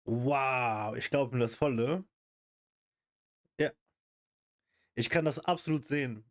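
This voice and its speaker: A male streamer talking loosely over a clip he is watching. He makes informal, slangy remarks and sounds impressed. His voice is at a middle pitch. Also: slow pace. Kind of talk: casual reaction commentary.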